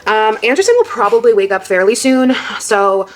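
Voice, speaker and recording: A woman vlogging casually on a phone while cooking, chatty and excitable with many fillers. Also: fairly high pitch, moderate pace. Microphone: phone camera.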